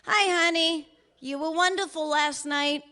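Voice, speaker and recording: A woman's voice: sits high, a little slow, bright, forceful tone, voice pushed up. A woman voicing her older father reading his voicemails, swearing freely and joking with wry affection. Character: older father, cheerful, profane, doting. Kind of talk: reading voicemails aloud in character.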